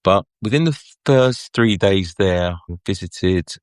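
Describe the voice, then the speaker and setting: A man's voice: low voice, measured pace, no echo. A middle-aged man with a London English accent, telling stories as a guest in a casual interview, chatty and laughing often. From England. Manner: chatty, lively anecdotes with frequent laughs. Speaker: guest photographer.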